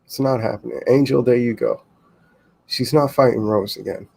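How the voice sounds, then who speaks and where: A man co-hosting a casual podcast about fights, talking in an animated way with quick asides and some swearing. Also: mid-range voice, gravelly, husky. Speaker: co-host.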